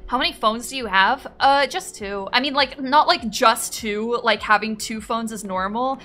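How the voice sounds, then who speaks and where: A woman's voice: a little high, normal speed, bright, forceful tone, soft background music. A woman streamer chatting casually on a live stream, playful and profane as she reads out chat and thanks subscribers.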